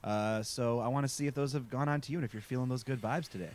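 A man's voice: mid-range voice, fast talker, a little mellow. A man hosting a casual comedy podcast, joking around and chatting loosely with his co-host and guest. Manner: jokey, opens with a mock Russian bit then chats loosely.

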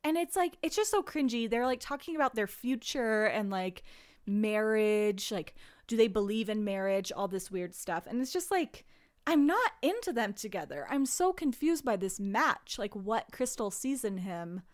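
A young woman hosting a podcast in a relaxed, chatty way. Her voice sits a little high, and she laughs easily through her stories. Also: normal speed. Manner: giggly, animated storytelling with frequent laughs. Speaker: podcast co-host. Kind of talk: casual podcast chat.

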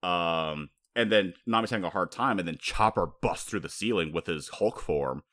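A man's voice: deep voice, normal speed, a bit bright, no echo. A man co-hosting a podcast in casual chat, rambling and chatty, often laughing as he talks. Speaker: podcast co-host.

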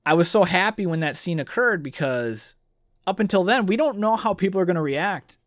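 A man's voice: high-pitched, animated, a little fast, dry recording, studio quality. A man hosting a casual book discussion podcast, who talks enthusiastically and reads passages aloud. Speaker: podcast host.

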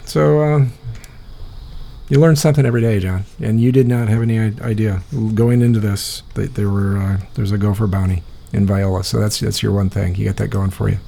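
A Midwestern American man hosts a loose, casual chat, rambling as he thinks aloud. His low voice is gravelly and husky, with a dark, mellow tone. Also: fairly even intonation, fairly quick. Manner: rambling, thinking aloud while searching online. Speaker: podcast host.

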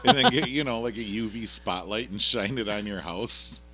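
A man's voice: fairly low pitch, normal speed, pushed and bright, slight background noise. A man co-hosting a casual podcast, retelling a TV episode in a rambling, jokey way with lots of fillers. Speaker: podcast co-host recapping a TV episode. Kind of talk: casual chat.

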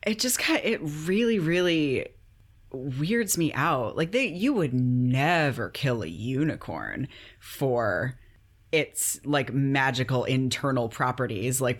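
A woman's voice: extremely low pitch, measured pace. A woman co-hosting a podcast, chatting casually about a book, incredulous and swearing freely with lots of "like". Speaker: podcast co-host.

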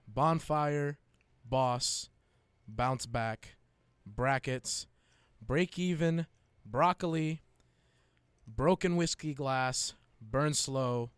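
A young man in casual chat, reading a long list out loud and often breaking into giggles. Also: medium pitch, clean tone, no room sound.

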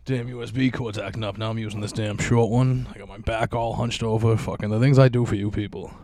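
A man with a Boston accent hosts a crude, sarcastic podcast chat. His voice is low and dark, and he talks in a gruff, profane drawl. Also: steady tone, fast. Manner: gruff, sarcastic, swears freely. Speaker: podcast host. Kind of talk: casual chat, crude banter.

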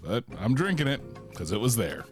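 A man co-hosting a casual podcast chat in a relaxed, joking manner, on a podcast microphone. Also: medium pitch, normal speed, faint music behind. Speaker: podcast co-host.

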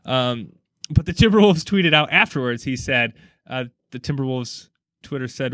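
A man's voice: medium pitch, moderate pace, fairly bright tone, no room sound, clean studio sound. A man, co-hosting a casual sports podcast, chatty and rambling, laughing often. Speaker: podcast co-host.

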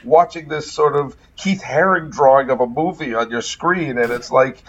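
A man's voice: mid-range voice, moderate pace, dull audio, slight background noise. A man around fifty, from Massachusetts, chatting casually as a podcast host and telling a story with wry jokes. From Massachusetts, USA.

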